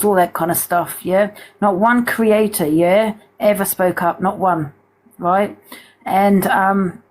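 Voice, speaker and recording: A woman's voice: medium pitch, a little mellow, low-quality recording. A woman speaks on a livestream in a heated, blunt rant. She swears freely and keeps checking that her viewers are with her.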